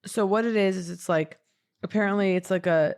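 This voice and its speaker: A woman in her thirties co-hosts a podcast, her clear, resonant mid-range voice moving a little fast. In casual chat she rambles animatedly through a long story, acting out what people said.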